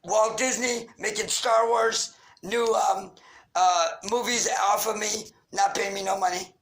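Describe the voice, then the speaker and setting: A man's voice: high voice, fairly even intonation, measured pace, fairly bright tone, poor audio. A man rants into the camera, angry and accusatory. He fires off grievances and insults in a raw, unscripted monologue. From Queens, New York. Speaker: vlogger. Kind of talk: ranting monologue.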